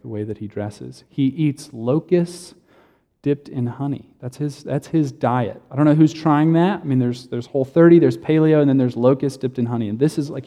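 A man's voice: mid-range voice, warm tone, big-room sound. A man preaching a sermon, praying, then telling a made-up story in a casual, joking, self-correcting way. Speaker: pastor.

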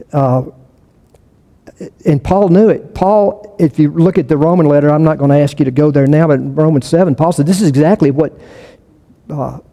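A man's voice: fairly high pitch, dark tone, big-room sound. A man preaching a sermon as pastor, in a conversational way, restarting and repeating phrases for emphasis.

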